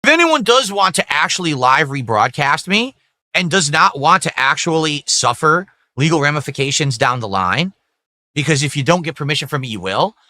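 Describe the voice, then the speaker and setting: A man's voice: on the high side, expressive, normal speed, bright, forceful tone, no room sound. A man streaming, lecturing viewers in a stern, threatening way. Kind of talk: clip from a live stream.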